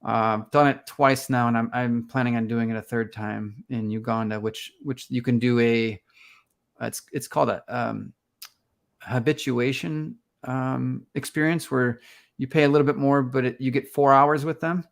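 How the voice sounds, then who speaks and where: With vocal fry in his medium-pitched voice, a man speaks at a moderate pace as a casual interview guest. He's a conservation photographer and an animated storyteller, dramatizing his own reactions as the stories unfold.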